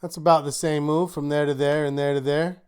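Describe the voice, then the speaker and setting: A man's voice: a little high, flat delivery, brisk, a little mellow, clear, resonant tone. A man hosting a live online trading class, upbeat and encouraging, working through rhetorical checklists of questions for his students. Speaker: trading instructor hosting a weekly market wrap.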